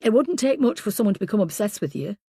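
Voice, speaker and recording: A woman's voice: medium pitch, very animated, fast, mellow, husky, no room sound. A woman narrating a level-headed male detective in an audiobook who lays out the facts plainly. The sound is dry and close. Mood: steady. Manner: matter-of-fact.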